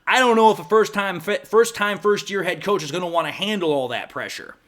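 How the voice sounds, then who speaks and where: A man with a fairly high voice talks through his football opinions on his own fan channel. His talk is casual and opinionated, and now and then he trips over his words and restarts. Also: brisk, fairly bright tone. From Detroit Lions fan. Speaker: sports fan channel host. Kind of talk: casual sports commentary vlog.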